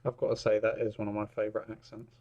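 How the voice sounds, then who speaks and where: Man repair tech talking through his work, chatty, low-ish voice. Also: completely flat delivery, fast, phone-quality sound. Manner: chatty, commenting as he works. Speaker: repair technician. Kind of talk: narrating a repair while working. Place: repair workshop.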